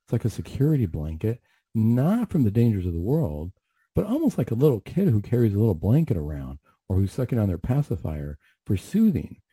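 Male clinician storyteller: low pitched, husky, reflective and earnest, restarts a lot. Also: very animated, brisk, mellow, dry recording. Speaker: mental health clinician. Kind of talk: radio storytelling.

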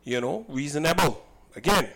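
A man tells the story of a run-in with a customer, his voice sitting a little high for a man. He is emphatic and indignant and circles back to his points again and again. A crowd murmurs clearly in the background. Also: lively intonation, moderate pace, poor audio. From Saint Kitts. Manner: emphatic, indignant, repeats himself. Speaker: cook and business owner. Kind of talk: recounting a personal incident.

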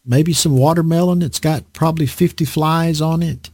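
A man's voice: on the high side, normal speed, breathy edge, no room sound, studio quality. A man preaching a conversational sermon, teaching a Bible lesson and asking his listeners rhetorical questions. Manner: animated, asks the audience rhetorical questions.

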